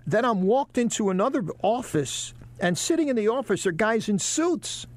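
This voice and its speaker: Gravelly storytelling man, dry sound. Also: sits high, no echo. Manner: animated storyteller, acts out quoted bosses. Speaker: broadcaster guest. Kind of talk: casual storytelling interview.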